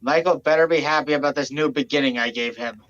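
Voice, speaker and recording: Dry-witted player, mid-pitched, muffled lo-fi sound. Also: fast talker, fairly bright tone. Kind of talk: casual tabletop play. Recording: muffled lo-fi mic.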